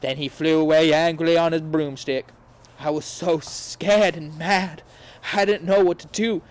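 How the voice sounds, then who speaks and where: A man's voice: on the high side, steady tone, measured pace. A man hosting a podcast, giving a comedic dramatic reading with a mock-earnest tone and sarcastic asides. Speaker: podcast host reading aloud.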